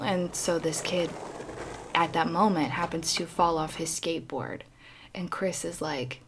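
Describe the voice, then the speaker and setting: A woman hosting a podcast, retelling a story in a lively, chatty way and acting out the characters' lines. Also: fairly low pitch, a little hiss or hum. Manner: animated retelling, acting out the kids' lines in quick bits. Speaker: podcast host. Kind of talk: casual podcast recap.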